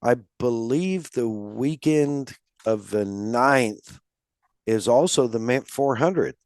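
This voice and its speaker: A man hosting a casual podcast, speaking at an unhurried, meandering pace with plenty of filler words. His voice sits at an ordinary pitch and sounds dry and close to the mic. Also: lively intonation, a little mellow, dry recording. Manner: unhurried, rambling with many fillers. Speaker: podcast host.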